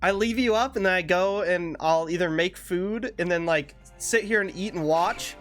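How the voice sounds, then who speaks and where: A young man with a high, slightly bright voice streams a game at a normal pace, chatting casually with his viewers. He's laid-back, laughs a lot, and swears freely, with faint music playing behind him.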